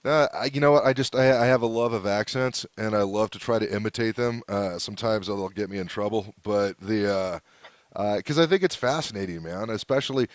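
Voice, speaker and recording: A man's voice: on the low side, brisk, no echo. A man from the United States hosting a podcast, talking in a loose, chatty way with many fillers and restarts. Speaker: podcast host. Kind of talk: casual interview chat.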